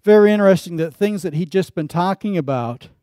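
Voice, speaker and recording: Pastor guy preaching, folksy storyteller, kinda high voice, dry close sound. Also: fairly quick, smooth, no echo. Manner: folksy storytelling with lively emphasis. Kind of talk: sermon.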